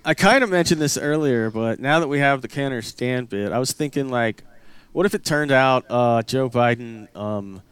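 A man's voice: mid-range voice, normal speed, a bit bright, smooth. A man co-hosting a podcast, joking and rambling in casual chat. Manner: rambling, joking, many fillers. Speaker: podcast co-host.

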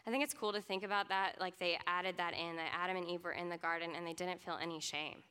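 A woman's voice: fairly low pitch, fairly even intonation, fast talker, bright, forceful tone, clean tone, long reverb tail. A young woman teaching a class in a casual, earnest way, leaning on lots of "like" fillers. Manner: earnest, chatty, many "like" fillers. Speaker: speaker teaching a youth ministry class. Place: conference classroom or hall.

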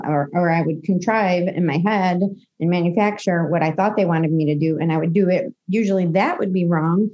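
A woman's voice: lowish voice, moderate pace, few pauses, dark tone, muffled recording. A woman co-hosting a podcast about recovery, talking candidly and animatedly in casual chat. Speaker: podcast co-host.

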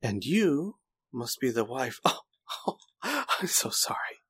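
A man's voice: medium pitch, big pitch swings, slow, husky, heavily acted. A man doing a smug, mocking older swordsman villain. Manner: mocking, falsely polite.

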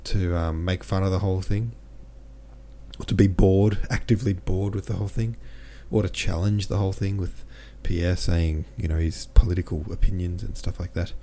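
A man's voice: low voice, steady tone, normal speed, warm tone. A man hosting a podcast, talking casually and rambling through a book discussion while reading listener comments aloud. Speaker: podcast host.

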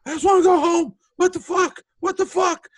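A man voicing a beaten, shaken man who whines that he wants to go home, in a high, strained voice. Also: steady tone, moderate pace. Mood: whiny.

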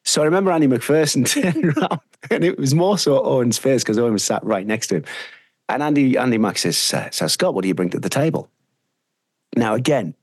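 A man's voice: medium pitch, breathy edge, dry recording, clean studio sound. A middle-aged man with a Teesside accent, a radio presenter telling long rambling stories in an interview, full of fillers. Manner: rambling, anecdotal, frequent fillers. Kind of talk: casual interview storytelling.

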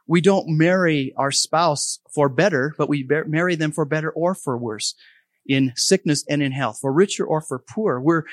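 A man's voice: on the high side, dry recording. A middle-aged man sharing a personal testimony in an earnest way, often restarting and repeating words as he goes. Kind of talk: testimony talk.

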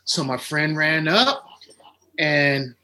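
A man appearing as a guest on a video call, telling a story with many pauses and ums. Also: fairly high pitch, bright, forceful tone. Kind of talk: storytelling on a podcast.

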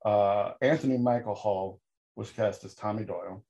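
A man co-hosting a podcast, recapping a film with animated, sarcastic storytelling and sudden jumps in pitch. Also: normal speed, lo-fi sound. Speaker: podcast co-host. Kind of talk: casual comedic film review chat.

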